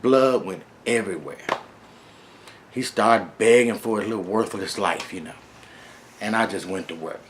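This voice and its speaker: A man's voice: lowish voice, normal speed, long pauses, slight background noise. Middle-aged man telling a street story. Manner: laid-back, streetwise, profane, conversational. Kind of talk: casual first-person storytelling.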